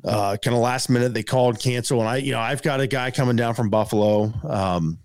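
A man telling a casual story as a podcast guest, rambling and animated, full of fillers like "man" and "dude.". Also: medium pitch, a little fast, clean tone, no room sound, studio quality.

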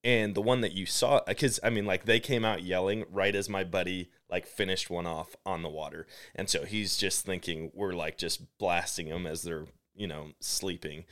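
Deep-voiced man telling a lively story. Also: normal speed, few pauses. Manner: animated storyteller, many "like" fillers. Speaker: podcast host. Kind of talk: casual podcast chat, storytelling.

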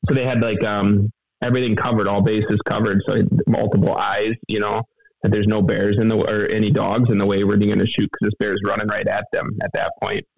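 A middle-aged man telling a story in a casual interview, halting, rambling and earnest, heard over a phone line. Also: fairly low pitch, level tone, vocal fry, no echo. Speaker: guest telling a hunting story.

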